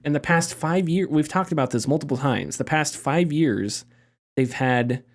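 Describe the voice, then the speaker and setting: A man's voice: fairly high pitch, normal speed. A man hosting a casual podcast discussion, talking in a conversational way that hedges and thinks aloud. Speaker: podcast host.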